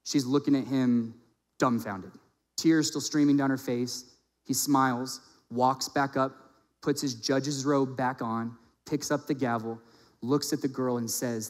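Male preacher, mid-range voice, impassioned sermon storytelling, long hall reverb. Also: medium pitch. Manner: impassioned, rising loud on emphasis and dropping soft for the story.

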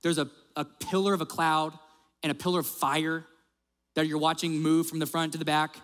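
A male pastor preaching a sermon, telling stories in a lively way and acting out the quotes. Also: fairly high pitch, normal speed, in a large hall. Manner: animated storyteller, acts out quotes.

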